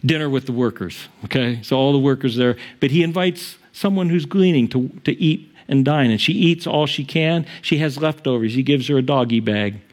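A male pastor preaching a sermon in an animated, emphatic way. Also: moderate pace, few pauses. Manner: animated, emphatic, shifting pitch for quotes.

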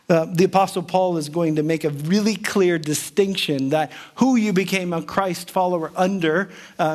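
A man preaching a sermon as pastor, talking to his congregation in an earnest, conversational way with frequent restarts. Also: on the high side.

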